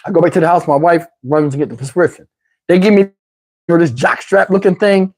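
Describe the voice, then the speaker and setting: A man telling a wild personal story in a casual, animated, slangy way, swearing freely. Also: a little high, fairly quick.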